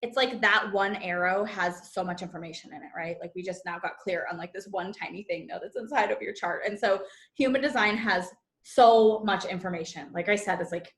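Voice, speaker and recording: This woman's voice is mid-range, brisk, and a bit bright. She's a manifestation and human design coach running a live online masterclass by video call, chatty and bubbly as she acts out people's inner self-talk, with a roomy echo on the recording.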